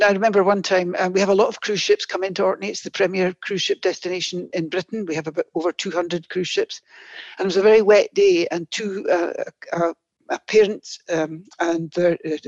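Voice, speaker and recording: A woman historian with a Scottish accent, telling stories in an expressive, chatty way as an interview guest. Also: on the low side, no room sound. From Scotland. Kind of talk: animated storytelling interview answers. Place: office in Orkney. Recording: dull, dry lo-fi audio.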